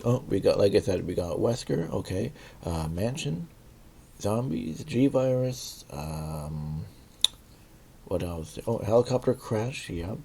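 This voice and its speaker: A man with a very low voice gives a casual, rambling video review. His tone is dark and mellow. He often stops and restarts while he searches for the right word. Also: vocal fry, a little hiss or hum. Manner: rambling, many fillers and restarts, searching for words.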